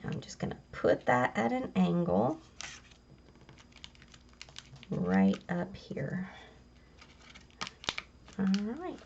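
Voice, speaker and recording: A woman's voice: on the low side, vocal fry, a little mellow, dull audio, a little hiss or hum. A woman hosting a craft tutorial, chatting casually as she talks through each step.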